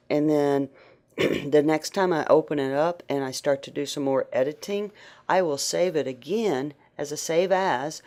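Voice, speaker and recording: A woman instructor talks through a software tutorial in a relaxed, conversational way, full of ums and restarts. Allergies leave her voice a little worn and uneven. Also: deep voice. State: allergies, voice going in and out. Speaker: computer skills instructor. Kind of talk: screen-share software tutorial.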